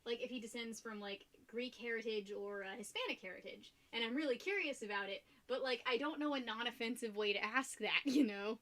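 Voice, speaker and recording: A woman's voice: a little high, brisk, hardly any pauses, a bit bright. A young American woman streaming and chatting casually with viewers, rambling, filling with fillers and laughing often. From United States. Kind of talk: casual chat with viewers while painting.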